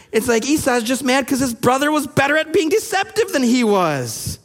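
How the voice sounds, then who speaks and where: Guy preaching in a big echoey hall, fairly high voice, acts out the bible lines. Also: brisk, hardly any pauses. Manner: animated, acts out quoted voices. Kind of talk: sermon reading and explaining scripture. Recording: long hall reverb.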